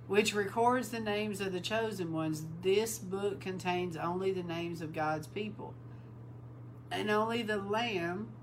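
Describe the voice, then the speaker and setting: A woman with a lowish voice preaches an informal sermon, addressing her listeners as bride, repeating words for emphasis, and now and then breaking into loud exclamations. The audio is poor, with a slight hiss or hum.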